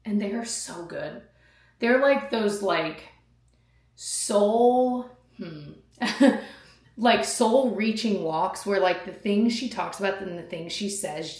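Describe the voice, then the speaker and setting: A woman in her thirties chatting casually to camera as a vlogger, rambling with fillers and quick laughs. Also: mid-range voice, breathy edge. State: out of breath.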